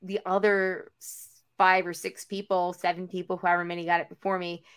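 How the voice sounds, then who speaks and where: A young woman co-hosting a podcast, telling a long story in casual chat, full of "like" and acting out everyone's lines with big jumps in pitch. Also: brisk, smooth. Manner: animated, acts out quotes with big pitch jumps; peppered with "like" and casual swearing. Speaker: podcast co-host.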